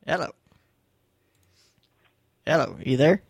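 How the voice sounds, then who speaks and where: Gravelly laid-back radio host, man. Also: a little high, very animated, slow pace, no room sound. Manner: laid-back, plays along with callers. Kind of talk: casual internet radio chat.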